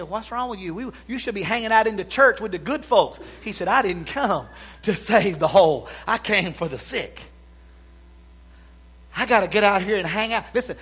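A man delivering a fiery sermon in a high, bright voice. He rises to shouts, then drops to near-whispers while quoting scripture. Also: breathy edge. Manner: swings from shouting to hushed, quotes scripture. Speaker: preacher. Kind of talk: revival sermon.

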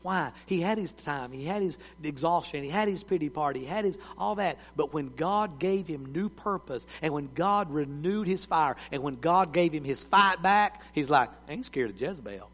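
A male preacher, telling stories in a sermon and swinging between loud cries and hushed words. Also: fairly high pitch, moderate pace, hardly any pauses. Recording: long hall reverb.

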